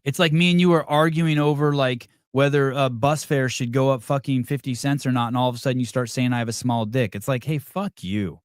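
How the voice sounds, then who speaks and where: A man's voice: mid-range voice, steady tone, a little fast, few pauses, smooth, no echo, clean studio sound. A man hosting a livestream podcast, swearing heavily and mocking a caller in a combative rant. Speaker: podcast host. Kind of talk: heated livestream chat.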